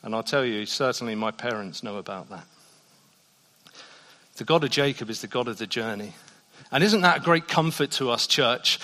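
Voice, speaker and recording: A man preaching a sermon in a church, shifting between soft, hushed passages and loud, emphatic ones. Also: medium pitch, lively intonation, moderate pace. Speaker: pastor. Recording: long reverb of a church hall.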